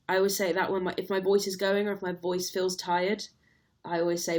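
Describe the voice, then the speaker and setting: A woman's voice: lowish voice, steady tone, normal speed. A young woman, casually chatting on a livestream and reading out viewer comments, laughing readily. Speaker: livestream host.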